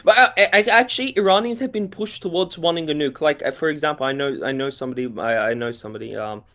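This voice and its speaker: Brief: man from Iran, somewhat high-pitched, stumbles and restarts sentences, pushes on over interruptions, earbud mic. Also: fast talker, fairly bright tone. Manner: stammering, restarting, talking over others. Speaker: debate guest on a live stream. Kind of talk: heated online debate. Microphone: AirPods.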